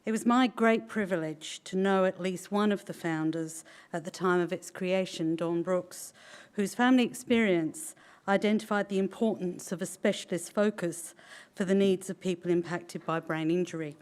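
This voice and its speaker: A woman's voice: lowish voice, normal speed, darkish tone, smooth. A woman, the head of an organisation, giving a formal prepared speech. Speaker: organisation chief executive.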